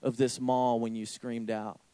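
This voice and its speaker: A man voicing a shaken woman speaking earnestly in a quiet voice while telling a story. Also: mid-range voice, level tone, unhurried, clean tone, no room sound, close to an everyday voice.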